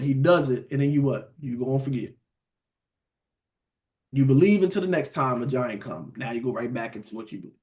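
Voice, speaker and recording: A man leading a Bible study in a casual preaching style, lively and conversational, often calling his listeners "beloved". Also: medium pitch, a little fast.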